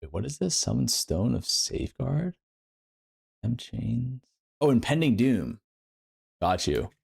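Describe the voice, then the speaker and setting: Slow and sing-song, his mid-range voice is gravelly, husky and a little mellow. This young game streamer chats casually with viewers, rambling playfully and using lots of fillers.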